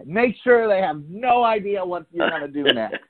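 A man's voice: sits high, lively intonation, normal speed. A man co-hosting a podcast remotely, talking in a teasing, playful way. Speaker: podcast co-host. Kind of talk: casual podcast chat. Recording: tinny phone-like remote line.

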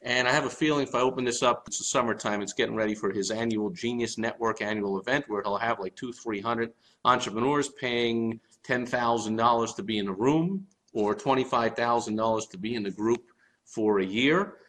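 An enthusiastic middle-aged man chats to the camera from a room in his home. His voice sits at an ordinary middle pitch, and he rambles happily with fillers and asides. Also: fairly quick, fairly bright tone, poor audio. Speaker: marketing vlogger. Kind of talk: casual talk to camera.

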